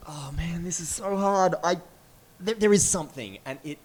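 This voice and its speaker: A man's voice: a little high, normal speed. A man speaking on a live comedy panel on stage, making an earnest, hedging case. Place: live stage before an audience.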